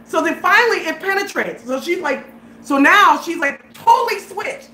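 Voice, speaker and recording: A woman's voice: extremely high pitch, normal speed, reverberant. A woman hosting a casual chat, telling a story with lots of laughter and acted-out voices. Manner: animated storyteller, laughs often, acts out voices. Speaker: host.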